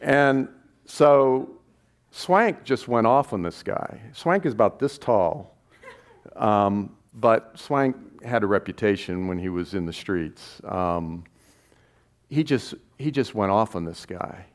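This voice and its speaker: Lower-voiced man telling a story. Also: slow pace. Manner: animated anecdote, acting out quoted voices. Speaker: documentary filmmaker. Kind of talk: storytelling at a live gathering. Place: stage at a live event.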